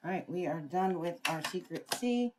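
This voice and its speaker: A woman's voice: on the low side, animated, normal speed, noisy background. Chatty woman demonstrating a craft project. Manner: chatty, greets live viewers by name. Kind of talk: live crafting tutorial.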